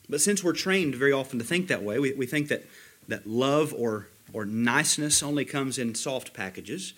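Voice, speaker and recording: A man preaching a sermon as pastor, slowing down to stress key words and quoting commentators. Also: medium pitch, animated, a bit bright. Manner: emphatic, slows down to stress words, quotes commentators.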